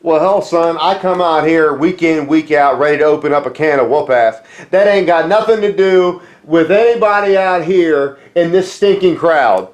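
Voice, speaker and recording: A man's voice: on the high side, moderate pace, few pauses, close to an everyday voice. A man doing a brash, foul-mouthed wrestler. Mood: defiant. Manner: brash, taunting, crude. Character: swaggering, foul-mouthed male pro wrestler.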